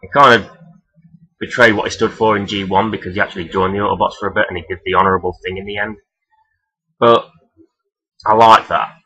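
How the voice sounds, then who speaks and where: A man talking casually and rambling as he counts down his favourite characters, swearing freely and filling pauses with "um". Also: lowish voice, steady tone, pushed and bright, rough recording. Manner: rambling, profane, many fillers. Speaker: vlogger ranking toy robot characters. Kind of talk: casual unscripted countdown talk.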